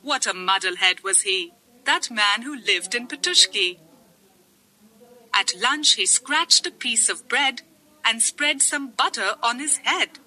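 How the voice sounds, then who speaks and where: A woman's voice: a little high, pushed and bright, rough recording. A woman reading a comic poem aloud in a sing-song recitation. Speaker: poem reader.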